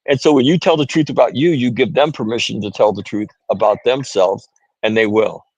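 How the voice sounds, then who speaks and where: A man's voice: mid-range voice, brisk, a little mellow, slightly rough, no echo, low-quality recording. A middle-aged American man telling stories in conversation, earnest, often asking "right?" and restarting phrases. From United States. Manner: repeats "right?", many restarts, quotes others. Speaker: podcast guest, author.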